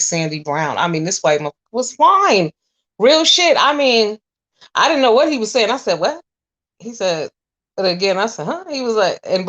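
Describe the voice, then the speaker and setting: Blunt, lower-voiced woman in her forties. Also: highs cut off. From US Northeast. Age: 40s. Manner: animated, blunt, profane storytelling. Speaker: vlogger. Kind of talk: casual storytelling to viewers.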